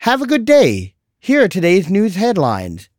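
A man's voice: sits high, huge pitch swings, measured pace, a little mellow, no echo, clean studio sound, voice pushed up, full character voice. A man voicing a chirpy phone voice assistant that reads the time and tells corny jokes in a cheery sing-song.

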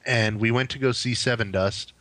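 A man's voice: medium pitch, fairly even intonation, moderate pace, a bit bright, no room sound. A man in his forties, a podcast co-host, telling a story in casual chat and swearing freely. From New Jersey.

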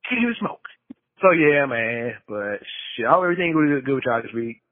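A man's voice: medium pitch, lively intonation, brisk. A man co-hosting a podcast by phone, venting in a casual, frustrated rant that trails off. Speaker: podcast co-host calling in. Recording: tinny phone line with long reverb.

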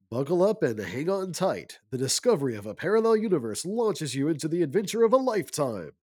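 A man's voice: a little high, sing-song, fairly quick, a little mellow, breathy edge, dry recording, clean studio sound. A man co-hosting a casual podcast, making wry punny jokes and reading aloud. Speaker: podcast co-host.

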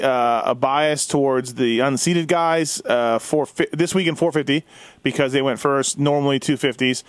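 Guy hosting a chill talk show, rambly, kinda high voice, dry close sound. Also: dry recording. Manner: quick, rambling, thinks aloud. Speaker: podcast host. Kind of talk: casual chat.

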